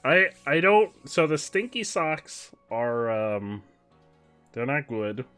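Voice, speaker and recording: A young man streaming a game, chatting casually, switching between muttered asides and loud excited outbursts. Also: mid-range voice, slow, clean tone, soft background music. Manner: excitable, shifts from mumbling asides to loud exclamations. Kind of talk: casual live-stream commentary while gaming.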